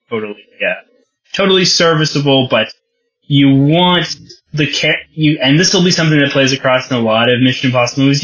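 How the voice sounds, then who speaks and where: Podcast co-host, male, bright forceful voice, dull lo-fi sound; rambling, wry film-review chatter. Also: on the high side. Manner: rambling, self-correcting, wry. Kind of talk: casual film review chat.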